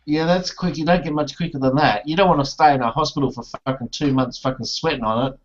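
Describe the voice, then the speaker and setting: A man's voice: on the high side, fairly even intonation, fast talker. A man in casual group chat on an online hangout, crude and blunt, swearing often and joking. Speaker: hangout participant. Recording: dull lo-fi call audio with faint noise.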